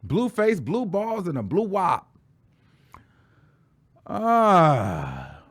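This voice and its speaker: Man, high-pitched voice, sassy dramatic storyteller, casual show host, calls everyone girl. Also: wildly swooping pitch, extremely slow, slightly rough.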